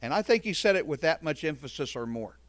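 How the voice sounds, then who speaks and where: A man's voice: fairly high pitch, sing-song, quick pace. A man preaching a verse-by-verse sermon, earnest and emphatic, breaking off into conversational asides.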